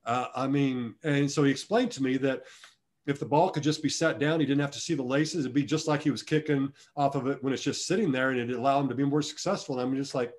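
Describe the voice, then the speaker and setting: A man's voice: medium pitch, fast. A middle-aged man, a former football long snapper, answering interview questions in a rambling, self-deprecating way with many restarts. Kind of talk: conversational storytelling interview.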